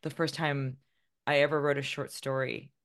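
A guest author, a woman in her forties, chats in a casual interview, laughing often and making fun of herself. Her voice is a rumbling low with little pitch movement and a moderate pace.

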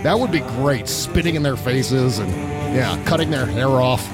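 Lively-voiced man hosting a comedy talk show. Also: medium pitch, normal speed, loud music behind the voice. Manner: animated, wry, exaggerates for laughs. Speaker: radio show host. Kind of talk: casual political comedy talk.

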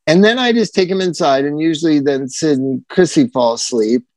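A man in his thirties chatting casually as a podcast co-host, animated and swearing as he tells a story. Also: on the high side, normal speed, no room sound. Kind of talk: casual chat.

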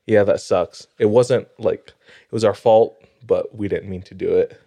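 A man's voice: lowish voice, steady tone, measured pace, mellow. A man co-hosting a podcast, telling stories in casual chat and laughing often. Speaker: podcast co-host.

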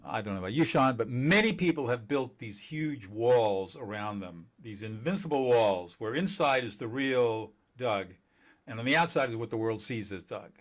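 A man teaching communication skills in an interview, emphatic and animated, laughing often and acting out quoted dialogue. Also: medium pitch, normal speed. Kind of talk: conversational interview.

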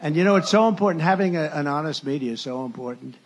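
Speaking fast with an animated, fairly high-pitched voice, a male presidential candidate addresses a campaign rally. His speech rambles and drips with sarcasm, and he keeps interrupting himself mid-sentence to restart.

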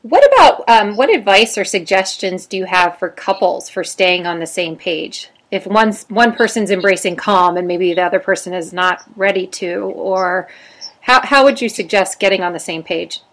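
Woman, podcast host, casual interview, easygoing, soft fillers. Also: mid-range voice, moderate pace, rough recording.

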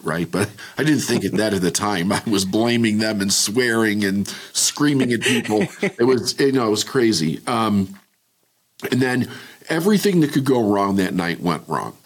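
Middle-aged male guest, very low husky voice, candid storyteller. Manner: candid, reflective storytelling with frequent restarts. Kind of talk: personal story in interview.

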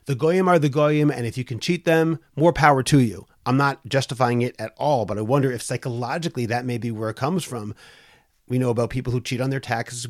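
A man hosting a podcast tells a story with earnest, steady conversational delivery. His voice sits at an ordinary middle pitch. The recording is dry and close, with no room echo. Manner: earnest, storytelling with acted quotes. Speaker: podcast host.

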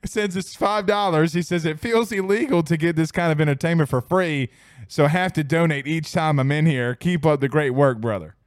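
A man's voice: fairly high pitch, normal speed, no room sound, clean studio sound. A man hosting a casual sports talk stream, joking and laughing easily. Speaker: sports show host.

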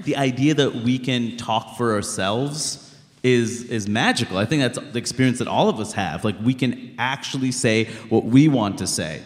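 On a hall's live show stage, a man in his thirties, a Queens-born stand-up comedian, gives a blunt, animated interview full of "like" fillers. He talks at normal speed in a mid-range voice, and the hall's echo is audible.

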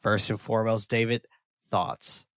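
A man's voice: fairly low pitch, a little slow, no room sound. A man hosting a horror movie podcast, chatting casually and energetically, laughing and swearing freely. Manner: energetic, laughing, loose with profanity. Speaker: podcast host.

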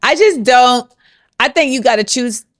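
A woman's voice: high-pitched, animated, unhurried. A woman guest in a casual chat, talking emphatically and laughing easily.

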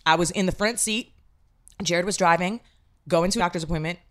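A woman's voice: lowish voice, fairly quick. A woman co-hosting a casual podcast chat, a mother telling frank stories and tips about raising kids. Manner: frank, storytelling.

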